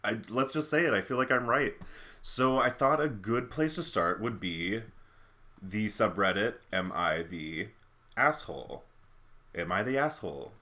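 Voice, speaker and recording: Man, bright voice, chatty and opinionated, casual commentary, rambling asides. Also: fairly low pitch, expressive, unhurried. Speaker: video host. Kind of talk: casual commentary reading posts.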